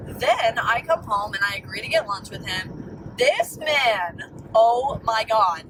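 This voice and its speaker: A young woman calling in by voice memo, telling a story in an exasperated, animated way with plenty of swearing. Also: a little high, normal speed. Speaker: caller. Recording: distant voice memo with background noise.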